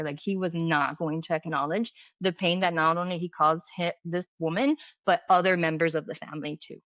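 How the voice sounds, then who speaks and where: A middle-aged woman with a fairly low voice tells stories chattily, leaning on "like" and acting out the quoted lines. The sound is dull and lo-fi, with a dry, close feel and no room echo. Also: fairly even intonation, moderate pace, few pauses, a bit bright. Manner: chatty, filler-heavy, acts out quoted dialogue. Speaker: medium and healer, podcast guest. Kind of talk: casual storytelling interview.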